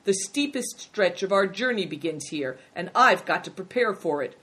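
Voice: mid-range voice, lively intonation, normal speed, fairly bright tone, natural voice. Bossy, curt driver, voiced by the reader. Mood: commanding. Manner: commanding, curt. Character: brusque male truck driver.

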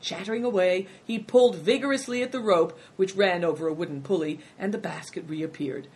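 A woman narrating an audiobook, with expressive storytelling. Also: on the low side, fairly quick, husky.

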